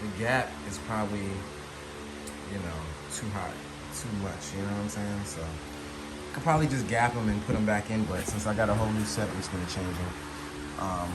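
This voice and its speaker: Brief: laid-back man with a lowish voice, rambling DIY bike vlog, noisy ambience. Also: normal speed. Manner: rambling, easygoing, many fillers. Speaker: motorcycle vlogger. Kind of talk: casual DIY repair vlog. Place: working on a motorcycle.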